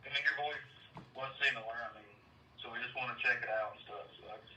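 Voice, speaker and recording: A man following up on a complaint as an officer, talking haltingly and repeating his words. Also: mid-range voice, steady tone, over a noisy crowd. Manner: halting, repeats words, drawling southern phrasing. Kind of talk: recorded conversation. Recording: echoey and distant with faint noise.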